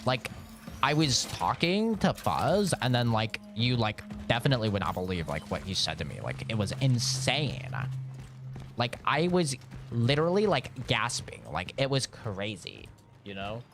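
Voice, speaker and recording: A man's voice: mid-range voice, sing-song, a little slow, music in the background. A man mimicking a gossipy young woman with a gushing valley-girl drawl full of fillers.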